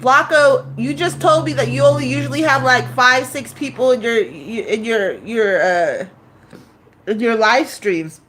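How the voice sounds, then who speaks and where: A woman in her thirties talking to her live-stream chat in a loose, rambling way. She swears freely and keeps restarting her sentences with fillers. Her voice sits slightly on the high side. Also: unhurried, a bit bright, a little hiss or hum.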